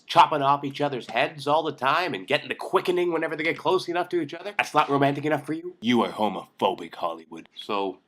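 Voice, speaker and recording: A young man hosting a comedic film commentary vlog, sarcastic and excitable, ranting with jokes. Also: mid-range voice. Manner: sarcastic, excitable, jokey rants. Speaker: vlog host.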